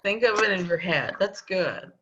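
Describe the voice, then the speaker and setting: A woman teaching a children's Bible lesson on a video call, gently coaxing the kids and repeating her questions. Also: fairly low pitch, animated, normal speed, a little hiss or hum. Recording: dull lo-fi video call audio.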